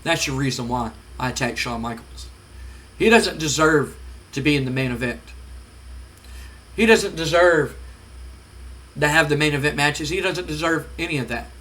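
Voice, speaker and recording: A man's voice: a little high, normal speed, long pauses, sharp tone. A man voicing a cocky, defiant male pro wrestler who boasts and taunts in a heated rant. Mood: resentful.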